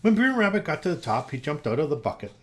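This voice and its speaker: A man reading a children's story aloud in an expressive, animated way. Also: fairly high pitch, fast talker.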